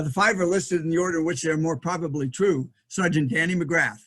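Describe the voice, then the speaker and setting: A man's voice: fairly high pitch, fairly bright tone, slightly rough. A middle-aged man giving a history lecture from slides, thinking aloud with frequent fillers and restarts.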